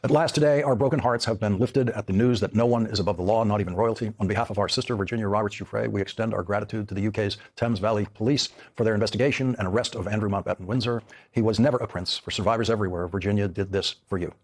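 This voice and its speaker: A man's voice: lowish voice, fast. A man hosting a television news program, delivering an emphatic, pointed monologue. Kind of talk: broadcast monologue.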